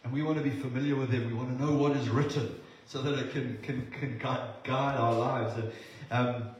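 A man's voice: medium pitch, fairly even intonation, moderate pace, muffled recording. A man from South Africa preaching a sermon as pastor, earnest and repeating words for emphasis. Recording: very echoey room, voice from a distance.

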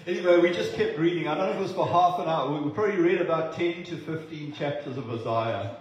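A man's voice: a little high, fast, lo-fi sound. A man from South Africa preaching a sermon as pastor, earnest and repeating words for emphasis. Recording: very echoey room, voice from a distance.

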